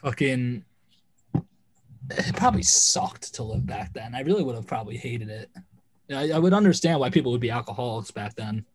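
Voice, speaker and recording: Laid-back guy on a podcast, says like a lot, kinda halting, just chatting. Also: medium pitch, lively intonation, a little hiss or hum. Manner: easygoing, halting, lots of "like". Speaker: podcast co-host. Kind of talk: casual chat.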